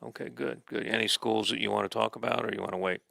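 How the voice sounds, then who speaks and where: Fast-talking gravelly man hosting. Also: lowish voice, steady tone, sharp tone. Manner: chatty, jokey interviewer. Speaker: host. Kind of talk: sports talk show interview.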